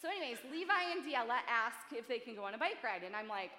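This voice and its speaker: Chatty bright-voiced woman preaching in a hall. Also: fairly high pitch, lively intonation, fairly quick, hardly any pauses. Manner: chatty, self-deprecating, earnest. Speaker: church speaker. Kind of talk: sermon. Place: large church hall. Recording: echoey church hall, long reverb.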